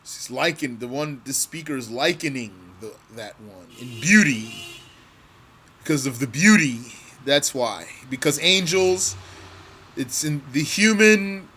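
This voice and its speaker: Going through a religious text line by line, this man reads each Arabic phrase and then translates and explains it word by word. His medium-pitched voice has a sharp tone over slight background noise, and he speaks slowly and deliberately, often repeating phrases.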